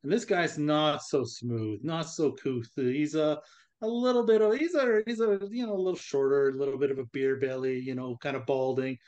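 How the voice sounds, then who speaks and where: A man's voice: a little high, normal speed. A man co-hosting a casual podcast, telling a joke and acting out the voices in it. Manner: animated storyteller, acts out voices. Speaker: podcast co-host.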